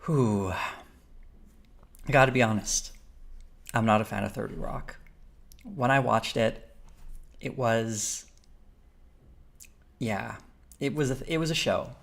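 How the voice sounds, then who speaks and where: A man's voice: mid-range voice, takes it slowly, gravelly, long pauses. A man hosting a live stream, chatting casually and thinking aloud as he reads viewer comments. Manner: rambling, thinks aloud, with fillers and restarts while reading chat.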